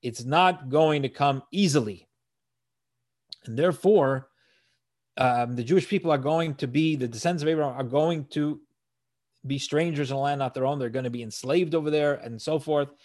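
A man with a somewhat high-pitched voice leads a verse-by-verse scripture lesson. He reads each Hebrew phrase aloud, then translates and explains it in an earnest teaching tone, often restarting his sentences as he works through the text. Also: normal speed, darkish tone. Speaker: Torah teacher.

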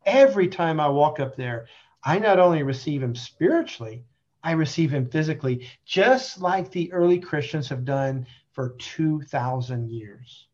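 A man's voice: a little high, lively intonation, normal speed, darkish tone. A man explaining his faith and conversion in conversation, earnest and emphatic, stretching out key phrases. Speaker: guest, Catholic convert. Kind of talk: conversational religious testimony and explanation. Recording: dull lo-fi sound.

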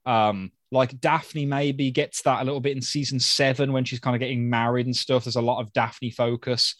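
A man co-hosting a podcast, recorded close with a dry, dead sound. His mid-range voice rambles with enthusiasm, dropping quieter as sentences trail away. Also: medium pitch, steady tone, moderate pace, no echo. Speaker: podcast co-host. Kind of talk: casual chat, reading listener messages.

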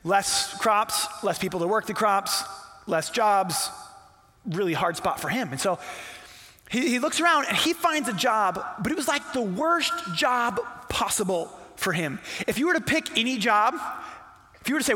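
A man's voice: high-pitched, expressive, normal speed, bright, forceful tone. A man, a pastor, telling a Bible story in a casual, playful sermon that acts out the characters. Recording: long hall reverb.

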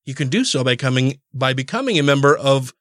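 A man's voice: mid-range voice, lively intonation, fairly quick, fairly bright tone, dry recording, studio quality. A man hosting a podcast, chatting casually, laughing often and swearing freely. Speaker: podcast host.

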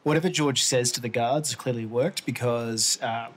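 A man narrating as game master of a tabletop game, relaxed with many filler pauses. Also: medium pitch, slight background noise.

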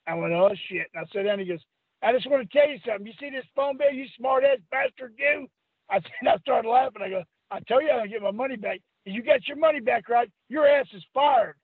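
High, husky older man on a phone line. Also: dry recording. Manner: rambling, laughing storyteller acting out quotes. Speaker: interview guest, former wrestler. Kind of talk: storytelling anecdote.

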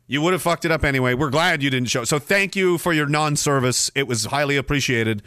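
A man's voice: on the high side, a little fast, pushed and bright, clear, resonant tone, dry recording, studio quality. A man hosting a podcast, reading out comments in a sarcastic, profane, rambling way. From Canada. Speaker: podcast host. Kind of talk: casual livestream chat reading comments.

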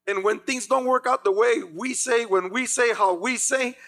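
A man's voice: very high voice, moderate pace, vocal fry, a bit bright. A man preaching a sermon in a dramatic way, acting out the voices of biblical figures. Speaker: pastor.

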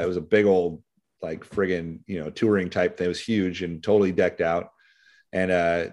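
A middle-aged man with a Californian accent, a sheriff's deputy telling stories in a casual interview, rambling with many fillers. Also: fairly low pitch. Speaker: sheriff's deputy and author, podcast guest.

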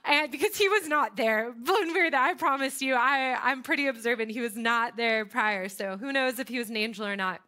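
A young American woman telling a personal story in a sermon, animated and chatty, with frequent fillers. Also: high voice, brisk, few pauses. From United States. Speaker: speaker.

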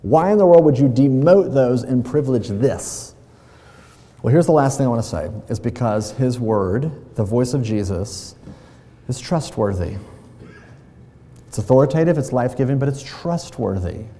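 A man preaching a sermon with a mellow, warm tone, talking conversationally and leaning on playful everyday examples. His voice rings out with the long reverb of a large hall. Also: mid-range voice, lively intonation, normal speed. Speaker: pastor.

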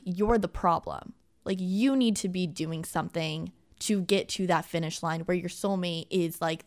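A young woman co-hosting a podcast, telling a story in animated casual chat with many filler words. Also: fairly low pitch. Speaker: podcast co-host.

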